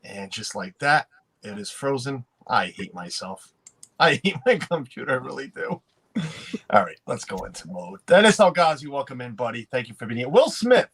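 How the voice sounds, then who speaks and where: A man's voice: medium pitch, sing-song, a bit bright, breathy edge. A man hosting a casual livestream, rambling with frequent restarts and laughs while greeting chat. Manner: rambling, self-interrupting, quick to laugh. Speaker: livestream host.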